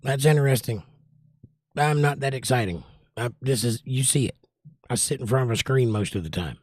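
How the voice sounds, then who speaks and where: Relaxed man reading chat on a livestream. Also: medium pitch, normal speed, dry recording, clean studio sound. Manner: relaxed, rambling, reads viewer comments aloud. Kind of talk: casual chat. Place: indoors at home by a window. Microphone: desk microphone.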